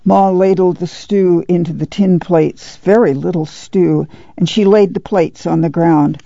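A narrator reading a novel aloud in a measured storytelling manner. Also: medium pitch, fairly even intonation, gravelly, mellow, dry recording, muffled recording. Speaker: audiobook narrator. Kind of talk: scripted narration.

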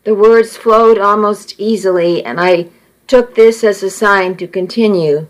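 A woman reads a first-person story aloud at a slow, deliberate pace. Her voice sits in a middle register, and her delivery is measured and intimate. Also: mid-range voice, poor audio. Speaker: audiobook narrator. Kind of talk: first-person audiobook narration.

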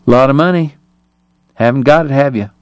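A man's voice: mid-range voice, normal speed, clean tone, no room sound, natural voice. A man voicing a frail, consumptive gambler dentist who speaks in a thready, breathless, courtly way. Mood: weary, courtly.

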